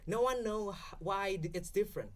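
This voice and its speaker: This is a high-voiced young adult man, Indonesian-accented, speaking at a moderate pace. As a podcast guest he walks listeners through ideas in a relaxed, explanatory way, often pausing to ask "okay?"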